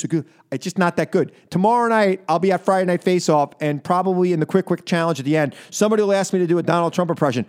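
A man hosting a call-in radio show from a studio, animated and laughing, often repeating himself. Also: sits high, fast talker, few pauses, clear, resonant tone. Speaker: radio talk show host.

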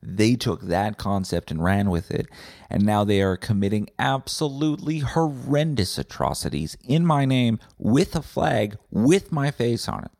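Young man from Canada, podcast host, rambling, profane, lively pitch, dry close mic. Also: a little slow, vocal fry, no room sound. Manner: rambling, profane, deadpan asides. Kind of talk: comedic solo podcast monologue.

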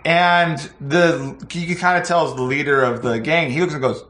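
Guy telling a wild church story, kinda high voice, acts out everybody, roomy echo. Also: moderate pace, a little hiss or hum. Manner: lively, acts out the voices in his story, laughs as he tells it. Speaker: pastor telling a testimony. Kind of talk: animated storytelling. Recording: echoey room.

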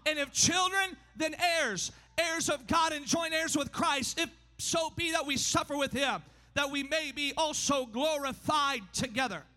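High, bright-voiced preacher man shouting in a hall. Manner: emphatic, often shouting, pace swinging fast and slow. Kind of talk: sermon. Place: church sanctuary. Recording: long hall reverb.

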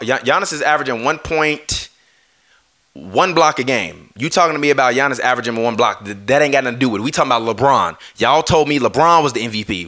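A man's voice: medium pitch, sharp tone. A man ranting on a live stream, heated and swearing, often breaking off to apologize. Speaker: streamer ranting about basketball.

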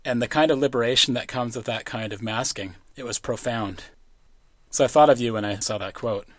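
Podcast host guy, steady questions, dry close mic. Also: mid-range voice, dry recording. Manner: measured, reads quotes aloud. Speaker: interviewer. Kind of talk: podcast interview.

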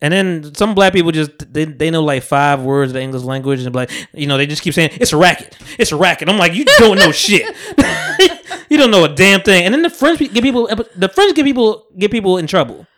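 A man hosting a podcast, chatting casually and telling animated stories with acted-out quotes. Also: a little high, fast talker, hardly any pauses. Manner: animated storyteller, acts out quotes. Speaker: podcast host. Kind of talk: casual chat.

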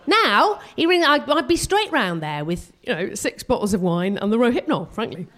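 Self-mocking woman doing live stand-up. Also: a little high. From Britain. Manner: animated and self-mocking, with quick vocal jumps. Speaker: stand-up comedian. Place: live comedy venue.

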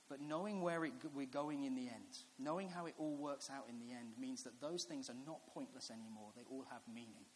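A man in his thirties preaches a sermon through homely family stories. His voice sits fairly high and chatty, turning earnest. The recording rings with long hall reverb and a faint hiss. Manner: chatty, storytelling, building to earnest reflection.

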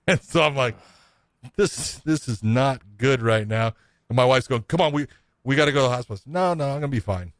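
Middle-aged man, casual profane storyteller, mid pitch, dry sound. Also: moderate pace, pauses often, no room sound. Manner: rambling, profane, self-mocking.

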